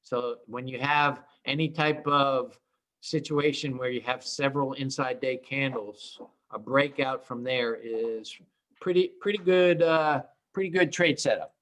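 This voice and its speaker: A man's voice: mid-range voice, a little slow, fairly bright tone. A man hosting a live day trading room, chatting in an upbeat, chummy, rambling way. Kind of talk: casual live trading chat.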